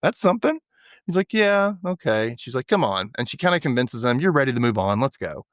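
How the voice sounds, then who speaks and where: A man's voice: medium pitch, very animated, quick pace, no echo, studio quality. A man hosting a podcast, casually recapping a TV episode and acting out the characters' lines in little voices. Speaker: podcast host.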